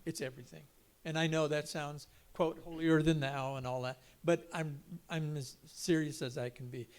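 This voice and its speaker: An older man giving an earnest personal testimony on a panel, halting and restarting as he speaks. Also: a little high, steady tone. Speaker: panel guest.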